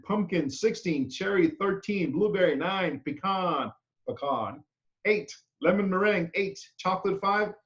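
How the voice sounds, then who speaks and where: A male culinary instructor leads his class with a chatty, loose delivery, ending his points with "okay?". His voice sits fairly high for a man. The classroom recording sounds dull and lo-fi. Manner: chatty, tags sentences with "okay?". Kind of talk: classroom lecture.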